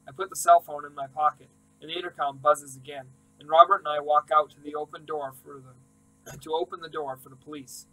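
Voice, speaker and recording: A man's voice: fairly high pitch, fairly even intonation, fairly quick, bright, forceful tone, poor audio. Man narrating an emotional audiobook. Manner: emotional, intimate storytelling. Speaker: audiobook reader. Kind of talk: first-person audiobook narration.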